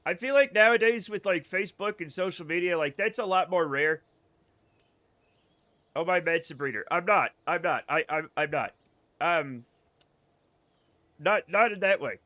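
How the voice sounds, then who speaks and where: A man's voice: high-pitched, animated, normal speed, long pauses, sharp tone, no echo. A man with a faded Boston accent, joking and swearing through casual gameplay commentary on a live stream and laughing often. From Boston area.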